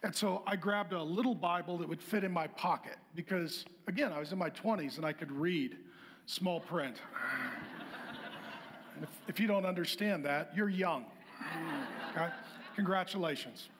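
A middle-aged pastor with a high voice tells a funny testimony in a lively, self-mocking way. He breaks into acted-out dialogue as he goes. The sound is his own plain speaking voice. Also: moderate pace, pauses often, noisy background. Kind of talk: humorous testimony storytelling.

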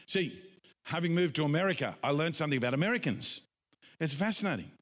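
A man preaching a sermon in an animated, dramatic way, acting out the voices of doubters. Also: fairly high pitch, fast talker. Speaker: pastor. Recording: echoey hall, long reverb.

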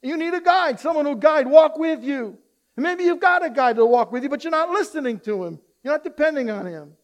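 A pastor preaches a sermon in a very high-pitched voice with lively intonation and a brisk pace. He swings from loud, urgent appeals to soft, hushed asides, acts out quoted voices, and has the congregation repeat lines after him.

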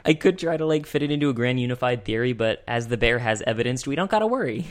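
A man's voice: mid-range voice, steady tone, fast talker, clean tone. A young man hosting a podcast, talking casually into a desk microphone, rambling and chuckling often. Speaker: podcast host. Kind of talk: casual chat.

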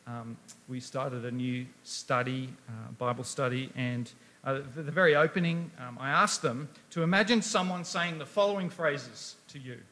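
A man's voice: medium pitch, normal speed, bright, forceful tone. A man preaching a sermon, emphatic, asking rhetorical questions and reading scripture aloud.

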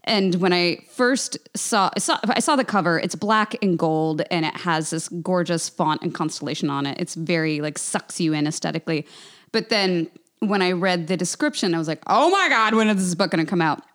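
A woman's voice: lowish voice, normal speed. Playful woman co-hosting a podcast. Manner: playful, reads aloud with mock dramatic flair. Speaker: podcast co-host. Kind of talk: casual podcast chat.

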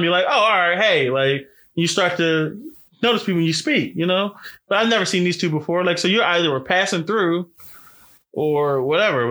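Fired-up guy ranting in a casual chat, swears a lot, bright voice. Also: high-pitched. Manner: angry, profane storytelling; animated, voice jumps up for quoted outbursts.

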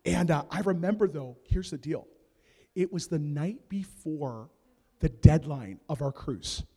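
A man in his thirties, a pastor preaching and telling a comic family story with big swings in loudness. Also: on the high side, animated, measured pace, breathy edge. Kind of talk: sermon. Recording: long reverb of a large hall.

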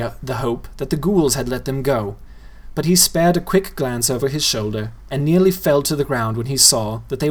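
A playful reader narrating a novel aloud and addressing the listener directly. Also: mid-range voice. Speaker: storyteller.

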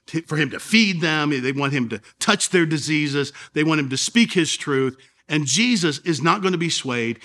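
A man preaching a sermon as a pastor, earnest, with dramatic pauses and sudden drops and rises in volume. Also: on the high side, a bit bright.

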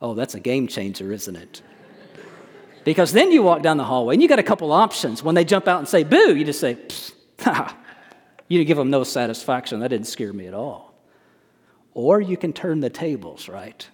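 A man's voice: medium pitch, very animated, fairly quick, husky. A male pastor preaching a sermon, emphatic, often putting rhetorical questions to his congregation. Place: church sanctuary. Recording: long church hall reverb.

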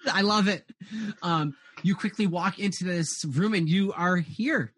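A man's voice: sits high, slow, a bit bright, slightly rough. A man narrating as game master in a rambling way, full of "uh"s and restarts.

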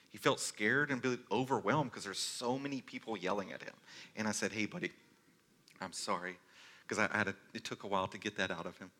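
A man in his thirties preaching a sermon as pastor, telling stories earnestly and moving between forceful and hushed delivery. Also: fairly low pitch. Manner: earnest storytelling, varies loudness from forceful to hushed.

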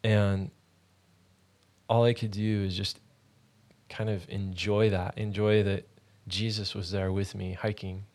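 A man hosting a ministry podcast, telling a personal faith testimony in an earnest, halting, conversational way. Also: on the low side, level tone, a little mellow.

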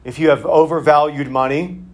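A man's voice: on the high side, normal speed. A male pastor giving a conversational sermon in a church, talking plainly with casual fillers.

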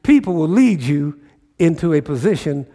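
A man's voice: fairly high pitch, big pitch swings, moderate pace, warm tone. A pastor preaching a sermon, emphatic, repeating phrases and checking in with his listeners.

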